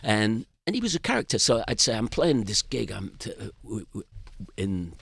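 This older Englishman rambles through casual stories as a guest musician on a podcast, often restarting. He speaks at normal speed in a lowish, sing-song, husky voice, a bit bright with vocal fry, on a recording free of room sound.

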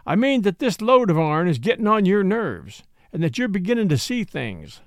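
A man's voice: high-pitched, sing-song, normal speed, no room sound. A man voicing a practical, level-headed frontier dog-driver in plain, matter-of-fact backwoods talk.

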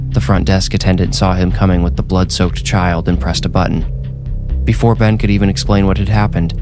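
A man narrating a horror story in a measured, deliberate scripted read. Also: low voice.

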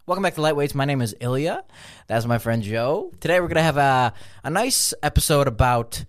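A young man co-hosting a podcast in casual chat, excitable, ranting loudly and swearing often. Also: medium pitch, a little fast, no echo, studio quality. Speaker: podcast co-host.

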